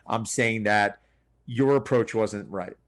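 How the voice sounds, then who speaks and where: A middle-aged man with a lowish voice, talking as a personal trainer in a casual podcast chat. He speaks earnestly, like a coach, and slips into his clients' voices to make a point. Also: slow pace. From Long Island, New York.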